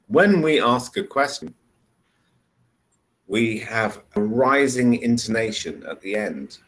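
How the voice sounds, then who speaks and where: A man's voice: lowish voice, animated, slow, low-quality recording. A man tutoring English one-on-one over a video call, explaining patiently with repeated examples. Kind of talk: one-on-one online English lesson.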